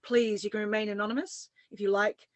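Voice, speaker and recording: A woman's voice: medium pitch, fairly even intonation, fairly quick, dry recording. Chatty upbeat woman with a dry close sound. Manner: chatty, upbeat, giggles often. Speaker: podcast co-host. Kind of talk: casual conversation.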